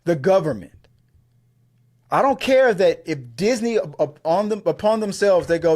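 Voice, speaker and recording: A man's voice: high-pitched, animated, normal speed. A man co-hosting an entertainment news show, talking in heated casual commentary, profane and full of stammered restarts. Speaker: co-host of movie news show.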